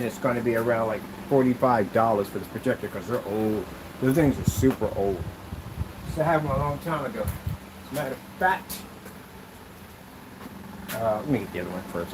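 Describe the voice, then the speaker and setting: A man's voice: medium pitch, brisk, background noise. A man hosting a casual product demo vlog, rambling loosely with asides as he shows projection screens. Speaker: channel host demonstrating projection screens.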